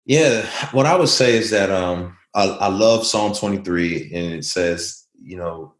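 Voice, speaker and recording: A man's voice: low voice, unhurried, roomy sound. A man speaking as an interview guest, earnest and reflective, telling stories in a conversational way.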